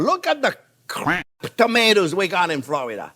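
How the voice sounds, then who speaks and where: A man from Provence with a French accent, hosting a chatty, animated cooking demonstration in his kitchen and talking to viewers as friends. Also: high voice, normal speed, creaky. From Provence, France. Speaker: cooking show host. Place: home kitchen in Florida.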